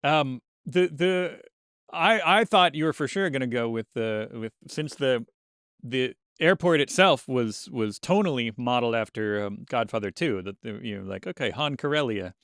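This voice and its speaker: A man's voice: medium pitch, expressive, normal speed, fairly bright tone, clear, resonant tone, dry recording, studio quality. A man co-hosting a podcast, chatting casually and joking with many restarts. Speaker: podcast host. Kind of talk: casual chat.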